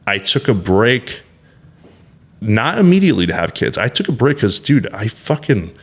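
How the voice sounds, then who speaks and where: A low-voiced man in his thirties speaks as a podcast guest, opening up bluntly and swearing freely. He talks in emphatic bursts, circling back with restarts and fillers. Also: big pitch swings, moderate pace, slightly rough. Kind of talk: candid podcast conversation.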